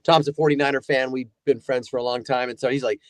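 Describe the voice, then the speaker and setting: A man's voice: medium pitch, fast, no echo. A man who works as a voice actor, telling rambling stories as a guest in a casual chat. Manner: rambling, animated storyteller.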